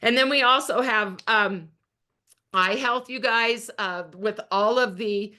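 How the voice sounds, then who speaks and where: A woman's voice: fairly high pitch, slow pace, pushed and bright. A middle-aged woman sharing a personal testimonial as a product consultant, earnest and chatty, often calling her listeners "you guys".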